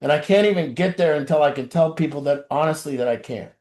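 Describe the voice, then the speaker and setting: A man speaking to a recovery group in an impassioned, confessional way, blunt and profane, dropping low and then shouting. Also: fast. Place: group meeting room. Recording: roomy echo.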